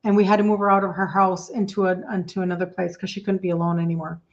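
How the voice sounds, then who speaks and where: A woman's voice: fairly low pitch, level tone, fast talker, muffled recording. A middle-aged woman, a health coach hosting an emotional livestream talk, speaking emphatically with lots of repetition and greeting viewers by name.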